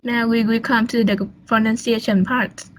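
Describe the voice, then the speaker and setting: Young woman, student presenter on a call; halting, lots of ums. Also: a little high, flat delivery, low-quality recording. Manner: hesitant, with fillers and restarts. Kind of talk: online class presentation.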